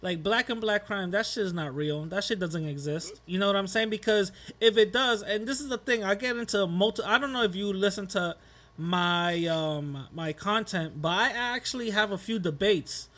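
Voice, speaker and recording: Bright, high-voiced male host. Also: moderate pace. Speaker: podcast host. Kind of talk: casual interview conversation.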